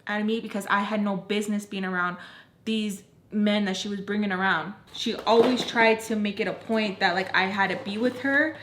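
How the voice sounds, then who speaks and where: A woman's voice: medium pitch, fairly even intonation, normal speed, reverberant, noisy background. A young woman telling a story to the camera in a casual, blunt, mouthy way, swearing freely. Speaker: storytime vlogger.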